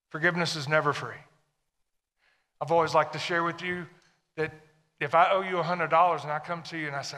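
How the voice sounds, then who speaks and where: A man's voice: a little high, pushed and bright, long reverb tail. A man preaching a sermon to a congregation, emphatic and full of questions to the listeners. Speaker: pastor.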